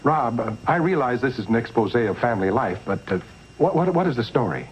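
A man's voice: mid-range voice, animated, fairly quick, very noisy, close to an everyday voice. A middle-aged actor playing a patient, mild-mannered father in a 1960s sitcom. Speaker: father of the family. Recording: dull old TV soundtrack with music.

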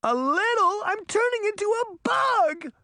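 A reader voicing a frightened teenage girl who is turning into a fairy, sobbing in a high, drawn-out way, read as an audiobook. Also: sing-song, bright, forceful tone, dry recording, studio quality, heavily acted. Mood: distraught. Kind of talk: audiobook reading.

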